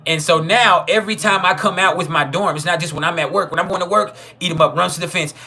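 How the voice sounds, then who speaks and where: Bright-voiced man telling a profane story. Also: high voice, quick pace, soft background music. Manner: profane, chuckling, trailing restarts. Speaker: channel host. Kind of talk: casual storytelling monologue.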